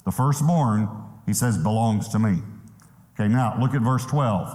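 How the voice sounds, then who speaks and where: A man preaching a sermon as pastor to a large church, emphatic and slowing down to stretch key words. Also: on the low side, darkish tone. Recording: roomy hall reverb.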